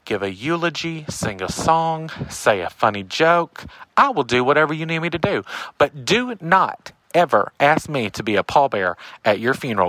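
A man telling a funny story in a voicemail. He talks with emphasis and acts out the shouted quotes. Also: a little high, no room sound. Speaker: caller leaving a voicemail story. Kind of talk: animated comic storytelling.

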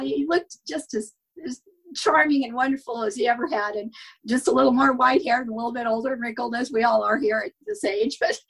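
A woman's voice: on the high side, a bit bright, breathy edge, rough recording. An older woman telling personal stories in a wistful way, laughing now and then as a podcast guest. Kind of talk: storytelling in casual chat.

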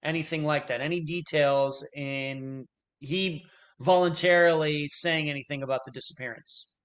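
Man, slightly high voice, methodical investigator, steady follow-up questions. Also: moderate pace. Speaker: interviewer, investigator. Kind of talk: investigative interview.

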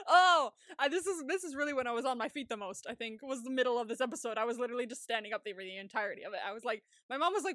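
Young woman podcaster, super animated, laughs and swears lots, bright tone, dry close sound. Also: a little high, very fast, hardly any pauses, no echo. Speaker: podcast co-host. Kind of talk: casual recap chat.

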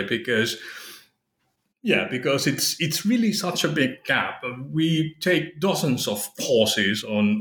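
A man, an academic and author, answering interview questions thoughtfully and haltingly, with many restarts. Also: mid-range voice, fairly bright tone. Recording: roomy echo.

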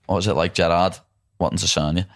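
Fast-talking low-voiced Scouse man. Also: fairly even intonation. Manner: swears freely, says "lad" and "know what I mean" often. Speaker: podcast host, fighter. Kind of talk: casual chat.

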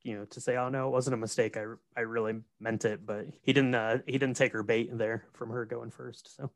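A man chatting casually, relaxed and quiet, taking his turn to recap a film. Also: mid-range voice, fairly quick, no echo. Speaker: podcast co-host. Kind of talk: casual chat.

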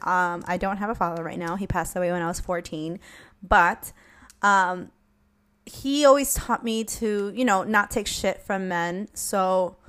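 Frank, animated young woman host. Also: mid-range voice, clear, resonant tone. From Latina. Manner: frank, animated, swears casually, acts out her own comebacks. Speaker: podcast host. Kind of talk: casual advice chat.

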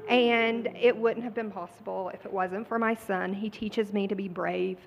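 A woman's voice: medium pitch, fairly bright tone. A woman from Kentucky, an audience member, sharing news about her son in an earnest, slightly nervous way. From Kentucky, USA. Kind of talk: live podcast on stage. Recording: long hall reverb.

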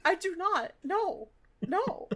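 A woman's voice: extremely high pitch, sing-song, slow pace. A woman co-hosting a podcast, recapping a cartoon in casual chat. She giggles often and swears freely. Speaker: podcast co-host.

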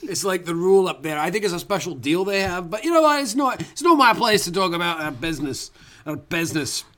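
A man's voice: high-pitched, lively intonation, fairly quick, pushed and bright. A man improvising a dead Scottish narrator's ghost in a comedy podcast bit, folksy and rambling with a Scottish accent that thickens as the figure drinks whiskey and turns foul-mouthed. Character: dead, boozy old Scottish male narrator ghost, folksy turning mean.

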